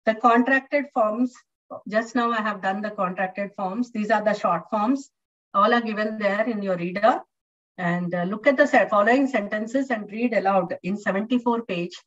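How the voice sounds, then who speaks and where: An English lecturer, a woman with a medium-pitched voice, teaches an online class at a moderate pace. She is patient and repetitive, using lots of fillers, and the recording sounds distant, dull and lo-fi.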